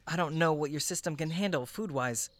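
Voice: mid-range voice, a little fast, dry recording, close to an everyday voice. A person playing a caring, chatty friend who sounds a bit nervous.

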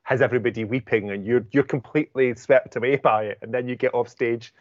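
A man's voice: mid-range voice, steady tone, fast talker, no echo, muffled recording. Enthusiastic male host. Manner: gushing, enthusiastic introductions. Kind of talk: hosting a charity book event.

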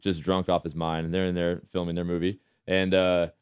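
Laid-back man hosting sports radio, low voice. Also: monotone, a little fast, darkish tone, clean tone, no room sound, muffled recording. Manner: laid-back, laughing, calls people man and brother. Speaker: radio show host, football quarterback. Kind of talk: casual sports radio chat. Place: radio studio. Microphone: studio microphone.

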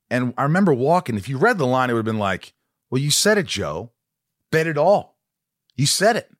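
A man's voice: medium pitch, very animated, moderate pace, a bit bright, no echo, studio quality. A man hosting a podcast interview in casual chat, rambling, laughing and often cutting himself off. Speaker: podcast host.

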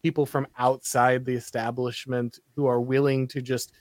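A male host in a casual chat, reading out viewer questions with lively energy. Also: mid-range voice, normal speed, no room sound, studio quality.

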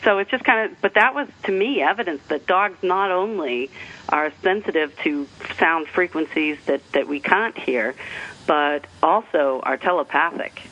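A man's voice: on the high side, normal speed, bright, forceful tone. A man from the northeastern United States calling in to a talk show, telling a personal story in a rambling way with restarts and light laughs. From New Hampshire, northeastern US. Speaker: caller. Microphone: telephone. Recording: tinny phone line.

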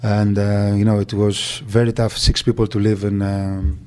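Soft-toned man recalling. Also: on the low side, level tone, smooth. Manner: halting, searching for words. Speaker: agent. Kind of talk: interview recollection.

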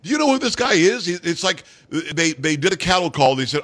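A brash man hosting talk radio speaks quickly and bluntly, jumping in on his guest. His pitch swings widely as he builds his points, from a middle-range base. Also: big pitch swings, a bit bright. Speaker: radio talk show host.

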